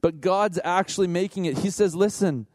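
A man who is a worship leader, preaching in a conversational, animated way with asides to the congregation. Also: high-pitched, unhurried, no echo. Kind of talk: sermon.

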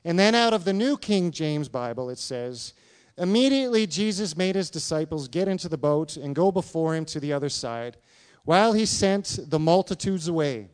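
A man with a high, crisp voice preaches a sermon. He reads scripture and keeps asking his listeners questions, acting out the quotes with animated emphasis. The sound is close and dry. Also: normal speed, no echo. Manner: animated, talks to congregation with questions, acts out quotes. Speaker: pastor.

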